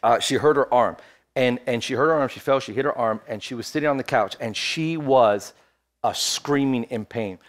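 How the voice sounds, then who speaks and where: A man's voice: medium pitch, moderate pace. A man in his thirties preaching a sermon as pastor, telling a personal story and building to fervent exhortation. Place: church, streamed online.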